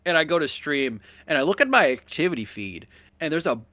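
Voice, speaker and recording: A man's voice: fairly high pitch, very animated, a little fast, bright, forceful tone, no echo. A man streamer chatting casually, swearing freely and laughing often. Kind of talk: casual chat.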